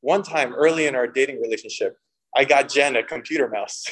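A young man preaching a sermon, mixing humorous personal stories with scripture and lively voiced quotes. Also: medium pitch, a little fast, heavy background noise. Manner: storytelling with humor, animated quoting. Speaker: pastor.

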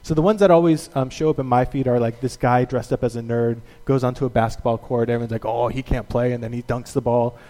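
A man preaching a sermon as a pastor, telling stories in an animated way and acting out the quotes. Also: mid-range voice, fast, few pauses, big-room sound.

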